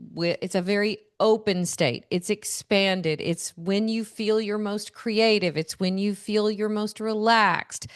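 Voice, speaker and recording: A woman in her forties hosting a podcast, telling stories in an animated way and laughing often. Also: medium pitch, smooth, no room sound, clean studio sound. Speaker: podcast host. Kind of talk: casual solo podcast talk.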